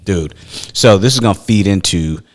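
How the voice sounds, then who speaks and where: A man's voice: low voice, moderate pace, big-room sound. A man co-hosting a podcast, chatting casually and telling a story with quoted dialogue, laughing often. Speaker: podcast co-host. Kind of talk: casual chat.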